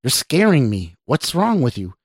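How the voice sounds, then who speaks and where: A man's voice: mid-range voice, sing-song, normal speed, husky, no room sound, clean studio sound, pitched above the performer's own voice. A man voicing an eerie bleeding woman who pleads and coaxes in a raised voice. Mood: pleading. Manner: pleading, coaxing.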